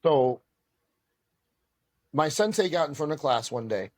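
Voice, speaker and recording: A man telling stories as a podcast guest, animated and self-deprecating as he talks about his karate training. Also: on the high side, unhurried. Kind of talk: storytelling in casual conversation.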